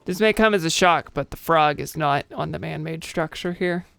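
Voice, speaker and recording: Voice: mid-range voice, normal speed, gravelly, a bit bright, no room sound, faint music behind. A streamer giving casual, chatty commentary while playing a game, joking at their own expense and tossing out playful nonsense words.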